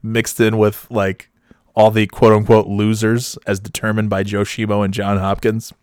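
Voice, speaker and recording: A man's voice: fairly low pitch, completely flat delivery, normal speed, darkish tone, smooth, dry recording, clean studio sound. A man telling a casual personal anecdote, swearing freely, laughing often and restarting his sentences as he rambles. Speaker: storyteller.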